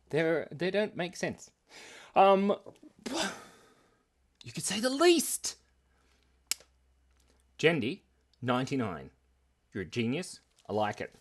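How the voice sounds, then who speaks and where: A man's voice: a little high, big pitch swings, takes it slowly, pauses often. A man in his thirties, a cartoonist hosting a casual live stream, rambling and giggling as he reads the chat at his computer. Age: 30s. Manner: rambling, giggly and playful, often laughing.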